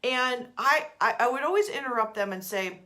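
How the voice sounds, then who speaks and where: A woman in her forties, a coach leading a live book club talk in an energetic, casual way, swearing and trailing off mid-sentence. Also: fairly high pitch, moderate pace. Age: 40s. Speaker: life coach.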